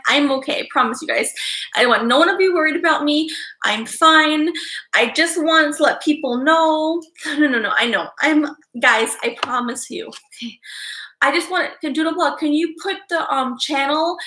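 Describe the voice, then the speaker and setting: A woman's voice: high-pitched, normal speed, sharp tone, reverberant. A woman psychic tarot reader talking to her livestream viewers, fighting back tears and repeating herself as she halts between phrases. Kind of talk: emotional livestream talk to viewers.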